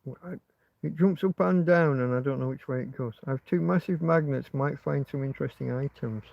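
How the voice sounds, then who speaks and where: A man's voice: mid-range voice, fairly quick, vocal fry, no echo, highs cut off. A man hosting a casual livestream from inside a tent, rambling and swearing freely. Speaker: livestream host.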